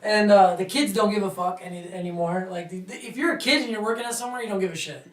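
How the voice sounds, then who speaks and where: A man's voice: high-pitched, fast talker. A man co-hosting a podcast, telling a long, rambling story in casual chat, swearing often and calling everyone "dude" and "bro". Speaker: podcast co-host. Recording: roomy sound from a distant mic.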